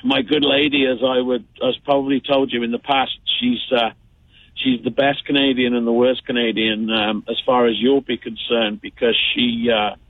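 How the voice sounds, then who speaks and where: A man's voice: mid-range voice, flat delivery, moderate pace, dry recording. Rambling man on a tinny phone line. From United Kingdom. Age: 50s. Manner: rambling, chatty, lots of fillers. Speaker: caller. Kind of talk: phone call-in chat.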